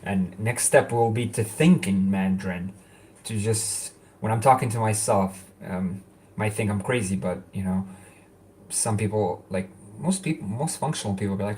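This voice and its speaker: A man's voice: fairly low pitch, normal speed, darkish tone, slight background noise. Rambling young man, native Arabic speaker. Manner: rambling, lots of fillers and restarts, laughs often. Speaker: language-learning vlogger. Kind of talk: casual vlog chat.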